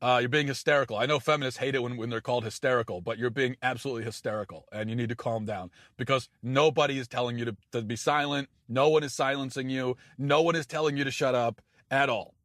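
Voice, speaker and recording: A man's voice: mid-range voice, fairly even intonation, fast, a bit bright, no echo. Sarcastic man ranting, dry mic. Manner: sarcastic, incredulous, stammering restarts. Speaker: political commentator. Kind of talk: opinion monologue.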